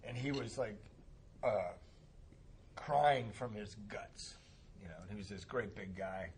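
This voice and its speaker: A man speaking at a recovery meeting, telling a personal story in a casual, animated way and laughing often. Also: fairly low pitch, unhurried, a little hiss or hum. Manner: animated, laughs often, acts out voices in quotes.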